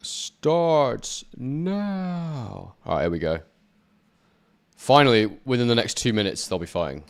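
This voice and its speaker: Male boxing YouTuber, casual live commentary, chats to his viewers, quick punch-by-punch calls. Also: medium pitch, sing-song, gravelly, clear, resonant tone. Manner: chatty, answers viewer chat, quick play-by-play. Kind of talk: live watch-along commentary.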